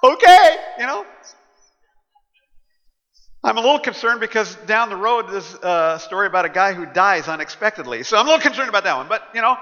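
Bright-voiced man preaching in a big hall. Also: high voice, lively intonation, fast talker, few pauses. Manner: conversational storytelling with frequent fillers. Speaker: pastor. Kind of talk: sermon. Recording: muffled sound in a large echoing hall.

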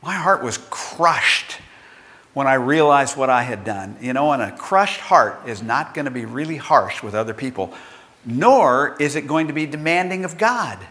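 Bright-voiced male pastor in a reverberant hall. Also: mid-range voice, animated, moderate pace. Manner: storytelling, acts out the characters. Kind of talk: sermon.

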